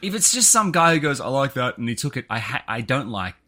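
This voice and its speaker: A man co-hosting a podcast, telling a story in casual chat, animated and full of swings in pitch. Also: fast talker. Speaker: podcast co-host.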